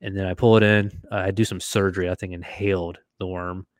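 A man co-hosting a casual podcast, telling a fishing story with lively acted-out quotes. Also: low-pitched, fast, dry recording, studio quality. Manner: animated storyteller, acts out quotes. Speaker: podcast co-host.

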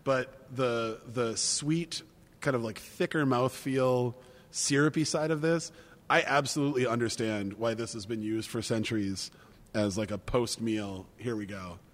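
A rambling man co-hosts a casual tasting chat, swearing freely and laughing often. His voice sits at a middle pitch and trails into a long reverb tail. He talks loosely, with many restarts. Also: measured pace. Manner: rambling, profane, laughs easily. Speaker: podcast co-host.

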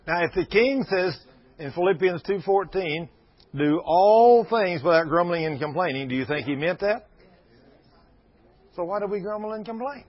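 Husky and fairly high-pitched, this man in his sixties preaches to his congregation in a folksy, emphatic way before slipping into fervent prayer. The sermon comes through on a dull lo-fi recording.

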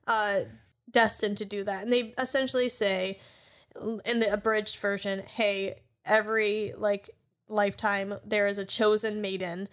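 A young woman co-hosting a podcast, casually retelling a show's scenes with quick acted-out quotes and plenty of swearing. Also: mid-range voice, level tone, fairly bright tone. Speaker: podcast co-host. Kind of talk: casual chat recapping an anime.

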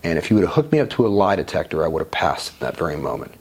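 A man's voice: sits low, sing-song, racing, a little mellow, breathy edge. A man guest in an interview, telling his own life story in a frank, conversational way with casual swearing. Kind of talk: candid personal storytelling.

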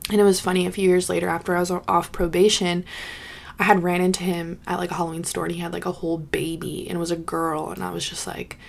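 A woman's voice: on the low side, quick pace, creaky. A woman in her twenties telling a personal story on her vlog, swearing bluntly and filling her talk with "like" and "you know". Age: 20s. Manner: acts out quoted people in lively bursts. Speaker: vlogger.

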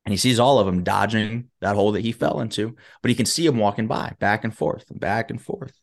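A man who works as a motivational speaker appears on a talk show and tells an animated story, playing each character himself. His voice is lowish and creaky, and he talks a little fast.

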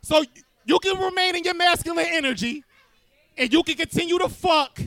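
A man's voice: very high-pitched, a little fast, creaky, a bit bright, no echo. A man hosting a live podcast debate, talking in a blunt, emphatic and profane way. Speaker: podcast host.

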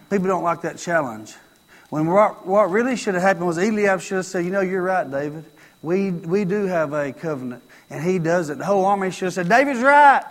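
A man's voice: high voice, long reverb tail. A man preaching a sermon, telling a story and acting out its lines, repeating phrases for emphasis.

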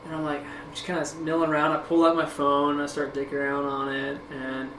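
A man with a fairly high voice hosts a podcast and tells a story casually, animated and profane, laughing as he goes. The room is echoey, and steady background noise runs under his voice. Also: fast. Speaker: podcast host.

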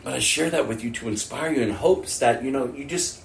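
A man's voice: medium pitch, fairly quick, vocal fry, a little hiss or hum. A man preaching a sermon, telling stories and acting out his own prayers and other people's words. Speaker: pastor. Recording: echoey room, mic at a distance.

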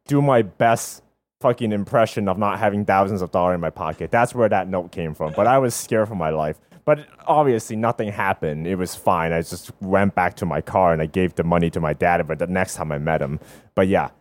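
A young man co-hosting a podcast, telling an animated story with plenty of swearing and laughter. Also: low voice, a little fast, no room sound. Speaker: podcast co-host. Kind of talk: casual chat.

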